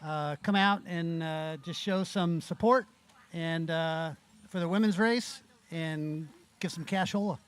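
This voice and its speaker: A man answers interview questions at a bike race, speaking haltingly with many pauses and fillers. His voice is smooth and fairly high. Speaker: sponsor guest. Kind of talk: casual interview.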